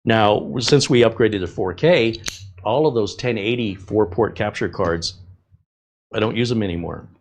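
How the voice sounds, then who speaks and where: This fairly low-pitched man talks at a normal pace, a middle-aged tech host putting together a computer. His talk is loose and chatty, drifting into tangents and padded with fillers as he works.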